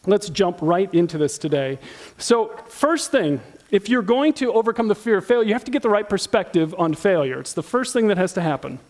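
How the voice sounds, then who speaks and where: A man's voice: sits high, big pitch swings, a little fast, darkish tone. A middle-aged man preaching a sermon in a church, talking casually and acting out Bible characters as he teaches. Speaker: pastor.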